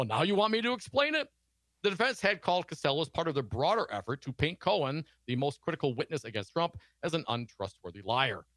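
A man's voice: a little high, fairly bright tone, no room sound. A man co-hosting a political talk show, reading news stories aloud and adding sarcastic asides.

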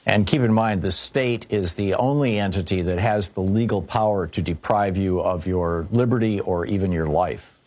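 A man's voice: deep voice, darkish tone. A man hosting a political call-in radio show, sarcastic about the news and then earnest and alarmed, often restarting his sentences. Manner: halting, with repeated restarts. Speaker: radio talk show host.

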